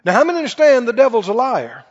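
A man with a notably high voice preaches to his congregation, asking them questions as he goes. The sound is muffled and lo-fi, with a long reverb trailing off through a large church hall. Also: very animated, fast talker. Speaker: pastor. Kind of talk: sermon. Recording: dull reverberant church recording.

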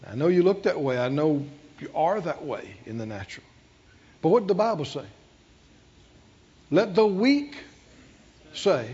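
A man preaching a storytelling sermon that draws call-and-response from the congregation, with slow, drawn-out phrases that build into shouted chanting. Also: a little high, very animated, breathy edge, muffled recording.

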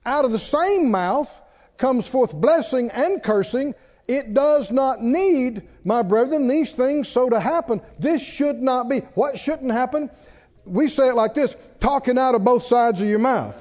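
A man preaches with a strikingly high, lively voice, switching into mock worried voices. His sermon rings through a church with a long reverb. The recording sounds dull and lo-fi. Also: unhurried. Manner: animated, mimics worried voices and laughs. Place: church sanctuary.

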